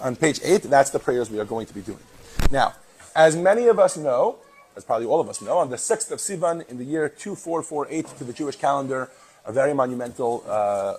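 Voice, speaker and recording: A man with a New York accent teaches a class in a chatty, joking way. His voice is husky, and he talks at an even, middling pitch. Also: rough recording. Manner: chatty, jokey. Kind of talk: classroom lesson.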